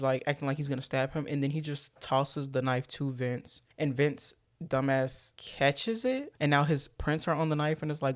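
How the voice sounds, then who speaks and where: A man giving a casual, profane movie breakdown, animatedly acting out the characters' lines as he retells the plot. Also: medium pitch. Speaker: movie recap YouTuber.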